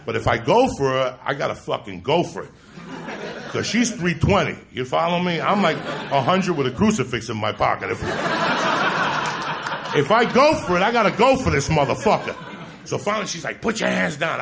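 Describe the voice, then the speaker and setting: A man doing stand-up storytelling from New Jersey, profane and animated, with loud bursts of shouting. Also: fairly high pitch, a little fast, gravelly, roomy sound. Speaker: stand-up comedian. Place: comedy club stage with a laughing audience. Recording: live stage recording with crowd.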